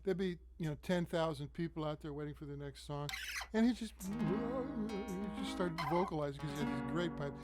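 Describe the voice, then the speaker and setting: Animated male musician with a high voice, casual storyteller who laughs a lot, loud music underneath. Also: normal speed.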